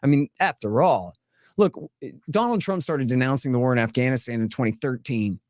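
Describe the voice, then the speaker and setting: A man's voice: medium pitch, dry recording, clean studio sound. A man speaking as a guest in a casual podcast conversation, blunt and emphatic, firing off lists of points with rising heat. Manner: emphatic, blunt and animated, piling up rapid lists; mocking tone when voicing opponents.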